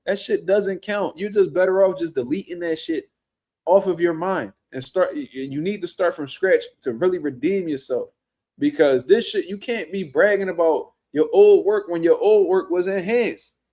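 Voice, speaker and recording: A man's voice: high-pitched, normal speed, mellow. A man hosting a casual boxing reaction show, ranting bluntly in slangy, profane talk. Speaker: boxing commentary show host.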